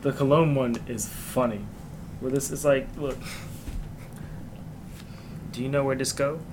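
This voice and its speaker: A man's voice: medium pitch, steady tone, a little slow, background noise. A young man in casual chat with friends on a podcast, joking loosely, laughing often and swearing offhand. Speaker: podcast co-host.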